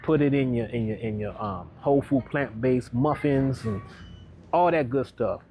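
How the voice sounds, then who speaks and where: A man working as a wellness coach, talking through his shopping in casual vlog style, upbeat and chatty, checking in with the viewer with a quick "right?" as he walks the aisles of a grocery store. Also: mid-range voice, a little mellow, a little hiss or hum.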